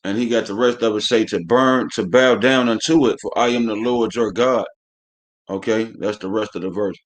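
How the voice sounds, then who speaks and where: A man's voice: fairly low pitch, steady tone, normal speed. A man teaching a live-streamed scripture class, reading verses aloud and then commenting in a blunt, coarse way, often saying "man". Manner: preachy, blunt, says "man" constantly; coarse, swears freely.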